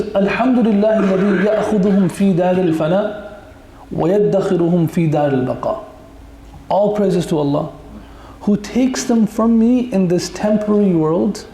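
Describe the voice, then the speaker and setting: A man's voice: high-pitched, creaky, dark tone, slight background noise. A male Islamic teacher giving a conversational Quran lesson full of stories and jokes for the audience. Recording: echoey room.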